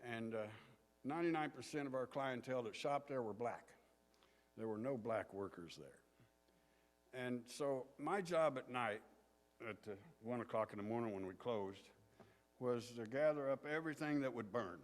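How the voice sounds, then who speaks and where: A man from southern Indiana, a pastor telling stories in a sermon in a folksy, unhurried way. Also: mid-range voice, lively intonation. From southern Indiana, USA. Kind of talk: sermon storytelling. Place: church sanctuary. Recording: long hall reverb.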